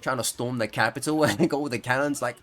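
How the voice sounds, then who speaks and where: A man's voice: mid-range voice, fast talker, fairly bright tone, soft background music. A man giving casual, rambling commentary over his own gameplay, joking and laughing as he talks. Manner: rambling, jokey, laughs often. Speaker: gaming YouTuber.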